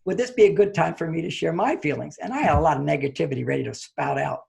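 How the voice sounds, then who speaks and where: A man, a relationship author interviewed as a guest, telling a personal story and acting out his own reactions with sudden high, loud jumps. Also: animated, fast, vocal fry, breathy edge.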